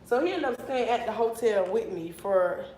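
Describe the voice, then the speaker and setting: A young woman in her twenties telling a long story to her viewers in a casual, animated and profane way. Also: fairly high pitch, normal speed, reverberant, rough recording. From Miami, Florida. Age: 20s. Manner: animated and profane, flaring into mock anger.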